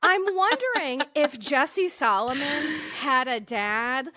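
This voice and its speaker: A woman's voice: high voice, expressive, slow, bright, forceful tone, no echo, studio quality. A woman co-hosting a podcast in casual chat, reacting with laughs and blunt, teasing remarks. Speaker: podcast co-host, therapist.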